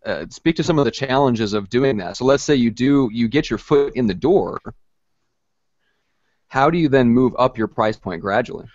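A man hosting an interview who asks curious, friendly questions and drops in quick jokes. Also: medium pitch, darkish tone, dry recording. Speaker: podcast host, interviewer. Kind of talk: interview over a live video call. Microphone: video call. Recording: dry, dull lo-fi video call audio.

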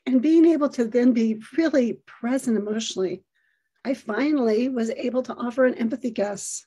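A middle-aged woman giving an earnest, expressive storytelling talk, acting out the lines of the people in it. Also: on the high side, moderate pace.

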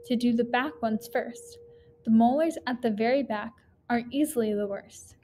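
A big, cunning crocodile with a sly grin, coaxing and smooth-talking, as a woman reading a poem puts him on. The voice sits a little high and is only lightly acted, close to a storyteller's everyday tone. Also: normal speed, darkish tone, a little hiss or hum, natural voice. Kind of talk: poem read aloud.

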